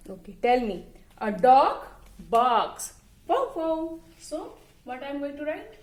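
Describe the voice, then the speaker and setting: A woman's voice: high-pitched, very animated, measured pace. A woman teacher giving a lesson, who spells words out letter by letter and imitates the animal sounds. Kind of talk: online class lesson.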